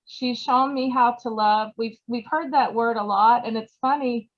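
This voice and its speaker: A woman's voice: on the high side, fairly even intonation. Tearful woman on a dull call. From Georgia, USA. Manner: choked up, halting, many fillers. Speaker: award recipient. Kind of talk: emotional acceptance speech. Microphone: video call.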